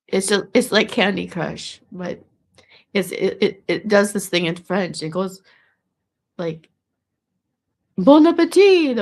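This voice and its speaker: A woman's voice: on the low side, vocal fry. A woman talking in a casual, meandering monologue to the camera, restarting and repeating words as she goes. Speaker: vlogger.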